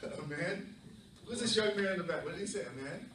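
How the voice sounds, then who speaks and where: A middle-aged man from southern New England, a storyteller telling a lively, playful story to children. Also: high voice, brisk, a little hiss or hum. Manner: animated, playful, many fillers. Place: library event room. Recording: echoey room from far off.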